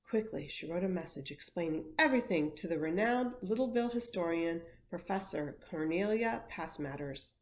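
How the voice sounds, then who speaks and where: A woman, an education coordinator, reading a picture book aloud with expressive storytelling. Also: on the low side, moderate pace.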